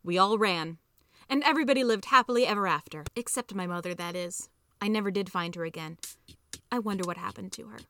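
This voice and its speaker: Bright-voiced woman reading a story. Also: mid-range voice, brisk, soft background music. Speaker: podcast reader.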